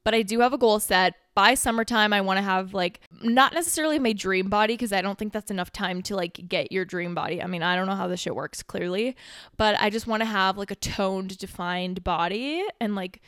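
Young woman, twenties, podcast host, rambling casual chat, filler-heavy, swears, slightly out of breath, mid pitch, dry close sound. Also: a little fast, fairly bright tone, clean tone, dry recording. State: a bit out of breath.

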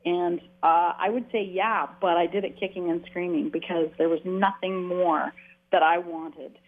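A chatty woman from Canada, telling her story in a loose, rambling way and often restarting her sentences. Her voice comes through a thin, phone-like line that cuts off the lows and highs. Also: steady tone, measured pace. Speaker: author and guest. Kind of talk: casual interview conversation.

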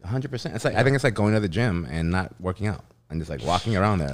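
A man's voice: sits low, rapid-fire, a little hiss or hum. A young man hosting a podcast, talking in a laid-back, casual way and swearing freely. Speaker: podcast host.

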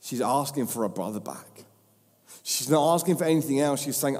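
A man's voice: mid-range voice, expressive, normal speed, a little mellow. A man preaching a sermon with impassioned, repeated emphatic phrases. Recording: long hall reverb.

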